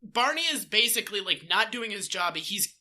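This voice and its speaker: A man co-hosting a podcast in casual chat, animated and swearing, slipping into mock voices. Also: sits high, moderate pace. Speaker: podcast co-host.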